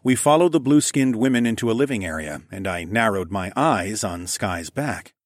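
A man narrating a first-person fantasy audiobook in a steady, even way. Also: lowish voice, normal speed, no echo, studio quality.

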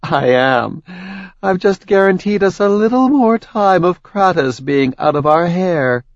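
A man's voice: high voice, lively intonation, unhurried, no room sound, muffled recording, voice pushed up. A man voicing a cruel female goddess who taunts and gives menacing orders. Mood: scheming. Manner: mocking, menacing, shouts orders.

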